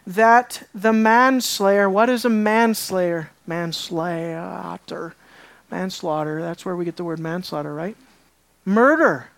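A woman's voice: medium pitch, measured pace. A woman preaching as a Bible teacher, emphatic, asking the listeners rhetorical questions and repeating words for stress. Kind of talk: sermon-style Bible teaching.

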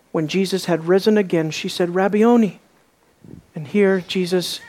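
Animated preacher firing rhetorical questions. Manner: often restarts and repeats words; swings from loud emphasis to quiet, low intensity. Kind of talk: sermon.

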